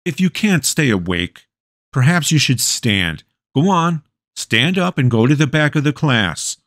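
A man voicing an intense, exasperated history teacher in an audiobook, sharp and impatient. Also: fairly high pitch, sing-song, measured pace, dry recording, studio quality, pitched above the performer's own voice, heavily acted. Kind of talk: audiobook character voice.

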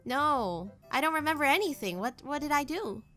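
A woman's voice: sits high, normal speed, soft background music. A woman voicing a shy, eager furry creature boy who stammers and gets flustered. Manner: stammering, bashful, excitable.

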